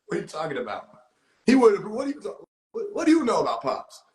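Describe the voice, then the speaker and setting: High-voiced man ranting on a livestream. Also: fast, echoey room, rough recording. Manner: animated, laughing often, profane slang. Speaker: livestream host. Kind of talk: casual livestream rant. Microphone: phone.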